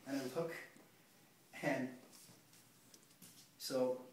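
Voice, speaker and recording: A man's voice: mid-range voice, steady tone, drawn-out words. A man teaching an acting workshop, talking in a rambling, conversational way that keeps restarting itself. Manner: rambling, conversational, self-interrupting. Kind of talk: workshop lecture. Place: workshop room. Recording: echoey room, distant mic, faint noise.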